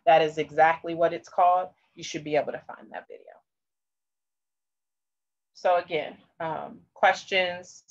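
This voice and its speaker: A woman's voice: on the low side, muffled recording. A woman presenting a parent workshop on a video call, talking casually with fillers. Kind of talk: online presentation.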